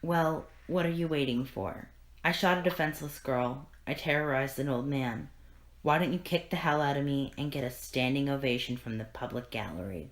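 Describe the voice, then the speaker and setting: A woman reading aloud the lines of a bitter, broken male clown villain, getting louder as she tells his joke. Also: extremely low pitch, moderate pace, voice pushed down.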